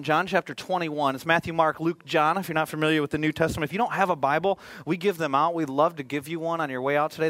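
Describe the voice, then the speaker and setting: A man's voice: on the high side, a bit bright, dry recording. Chatty male pastor preaching. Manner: conversational, joking asides. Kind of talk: sermon.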